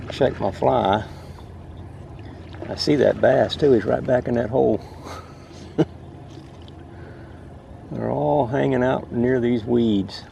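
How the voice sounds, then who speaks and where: A man fly fishing on a river, chatting to the camera and exclaiming excitedly over the fish he sees and catches. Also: mid-range voice, gravelly, slight background noise. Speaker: fishing vlogger. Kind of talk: casual outdoor narration while fly fishing. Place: on a river outdoors.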